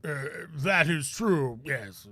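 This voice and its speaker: A man's voice: a little high, expressive, takes it slowly, sharp tone, no room sound, heavily acted. A man doing a pompous old lawyer. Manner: pompous, rambling. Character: pompous elderly male lawyer, wistful.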